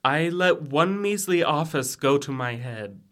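A man's voice: fairly high pitch, lively intonation, measured pace, a bit bright. Young guy doing a sarcastic frat brother, dry jokes, student radio play. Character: wry young male frat brother Jimmy. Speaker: student actor in audio drama. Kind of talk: college audio theater acting.

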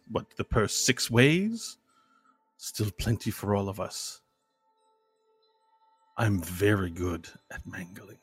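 Man playing a formal, courteous armored hunter, slow and low. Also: husky. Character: polite armored male bounty hunter.

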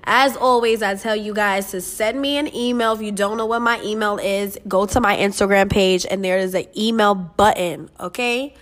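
A woman's voice: mid-range voice, fairly even intonation, moderate pace, few pauses, a bit bright. A young woman hosting her own podcast, talking straight to listeners in an earnest, emotional, casual way, swearing freely and calling them "you guys". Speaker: podcast host. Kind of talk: motivational casual podcast monologue.

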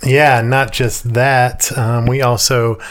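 A man co-hosting a casual podcast with a weak, hoarse voice after a hospital stay, rambling with lots of fillers. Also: medium pitch, little pitch movement, takes it slowly. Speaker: podcast co-host. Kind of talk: casual chat.

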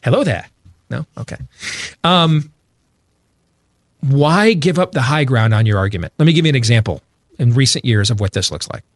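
A man's voice: medium pitch, animated, normal speed, long pauses, dry recording, clean studio sound. A man giving opinionated talk-show commentary, emphatic, repeating phrases for force. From Iowa, US. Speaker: radio show guest.

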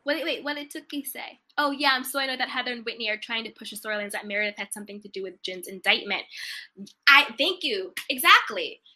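A young woman with a very bright, ringing voice, talking with sass and emphasis. She sits a little high in pitch and keeps the chat casual and lively. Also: fast. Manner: animated, sassy, emphatic. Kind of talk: casual reality-TV gossip chat.

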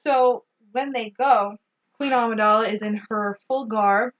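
A woman co-hosting a casual movie recap, sarcastic and animated, swearing freely. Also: on the high side, measured pace, muffled recording. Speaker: podcast co-host.

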